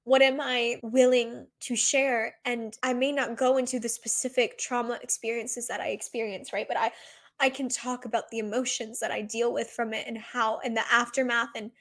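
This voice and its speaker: A young woman in her twenties talks on her own podcast in a slightly high voice. She sounds earnest and reflective and keeps asking herself questions as she works through her thoughts. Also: little pitch movement, moderate pace. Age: 20s. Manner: earnest, reflective, uses many rhetorical questions. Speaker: podcast host. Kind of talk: solo podcast talk.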